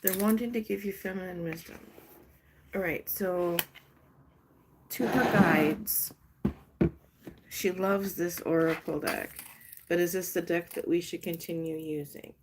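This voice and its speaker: A woman's voice: lowish voice, a little slow, long pauses, very noisy. A woman hosting a casual live stream, chatty and gushing as she pulls cards for a viewer. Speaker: live stream host doing card readings.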